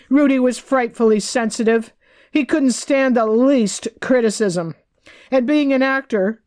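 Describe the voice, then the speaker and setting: A woman's voice: a little high, darkish tone, close to an everyday voice. A woman reading the part of a candid woman who recalls her troubles with rueful frankness, keeping close to her own voice. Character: candid woman recalling hard times, wry.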